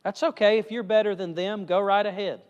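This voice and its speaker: A male evangelist preaching a sermon with emphatic swings in pitch and loudness, recorded in a church hall. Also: fairly even intonation, a little fast, clean tone, muffled recording. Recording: reverberant hall.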